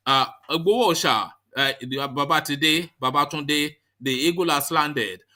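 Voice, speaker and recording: Bright-voiced male host. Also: a little high, normal speed. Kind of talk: live online discussion show.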